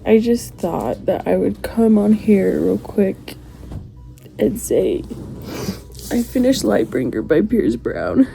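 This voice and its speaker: Slow, gravelly-voiced woman reviewing books. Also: medium pitch, sing-song, dark tone, faint music behind. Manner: emotional, rambling with many restarts. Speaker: book reviewer. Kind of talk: casual book vlog.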